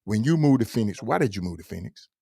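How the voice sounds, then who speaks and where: A man hosting a casual live podcast, excitable and slangy, giving shout-outs to his listeners. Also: fairly low pitch, fast talker, vocal fry, slightly rough, dry recording, clean studio sound. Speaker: podcast host.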